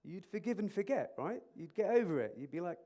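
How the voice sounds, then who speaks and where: Animated man quizzing a conference audience. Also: high-pitched, a little fast. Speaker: conference speaker, emergency clinician. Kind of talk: interactive conference talk. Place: conference hall. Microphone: microphone.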